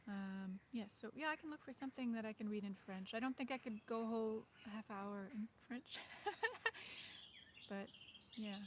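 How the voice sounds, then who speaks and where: Her fairly high voice is animated and moves at a normal pace as she chats on her livestream. The host hesitates and rambles, leaning on fillers and small laughs, while birdsong fills a noisy background.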